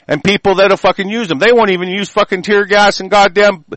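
Guy on a talk show going off, swearing every other word, kinda high voice. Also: fairly even intonation, a little fast, no room sound, low-quality recording. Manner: swears constantly, shouting insults. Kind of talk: profane angry political rant.

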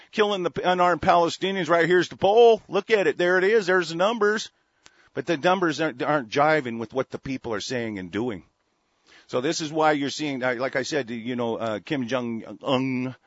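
His voice fairly high, a man hosting a show delivers a heated political rant full of profanity, constantly restarting his sentences. It's a dull, lo-fi, dry recording without any echo.

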